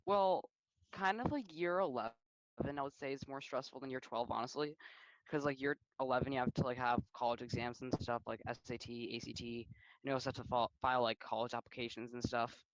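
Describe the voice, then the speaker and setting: A teenage guy in a voice chat, rattling off his points quickly with "like" scattered everywhere. His voice is mid-pitched and dry, with no room sound around it. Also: dry recording, rough recording. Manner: rapid, filler-heavy with constant "like". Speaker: chat participant. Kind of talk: casual group voice chat.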